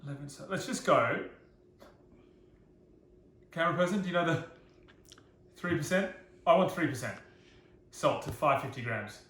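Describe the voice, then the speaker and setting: A man's voice: fairly high pitch, expressive, moderate pace, pauses often, a bit bright, reverberant, a little hiss or hum. A man giving a casual cooking demonstration, chatty and self-deprecating, joking about his own slips.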